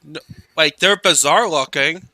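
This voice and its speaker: A man co-hosting a casual podcast, making quick jokey asides. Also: fairly high pitch, pushed and bright, no room sound, studio quality. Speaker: podcast co-host. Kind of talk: casual chat.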